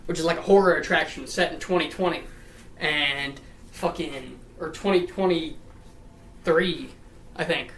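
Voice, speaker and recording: A man's voice: fairly high pitch, moderate pace, sharp tone, reverberant. A man rattling through a comedic lore summary, rambling and profane, with repeats and silly put-on voices. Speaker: lore recap commentator.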